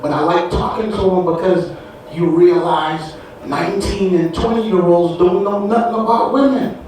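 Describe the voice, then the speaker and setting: A man performs a stand-up set with loose, crude, self-mocking banter. His voice sits a touch high. It is heard from far off in a strongly echoing hall, with clear noise behind it. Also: steady tone, normal speed, darkish tone. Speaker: stand-up comedian. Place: theater on a cruise ship.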